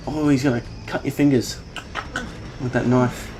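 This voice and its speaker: Male reaction-video host, mid-pitched, animated and foul-mouthed, film soundtrack playing under his commentary. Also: a little slow, long pauses, music in the background. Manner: animated, exclaiming, swearing freely.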